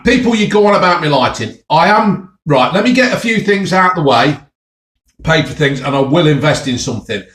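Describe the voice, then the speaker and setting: In this casual tasting vlog, an English food vlogger with a Midlands accent talks to his audience in a bouncy, somewhat high male voice. He's clearly excited about what he's eating, and his words echo around the room.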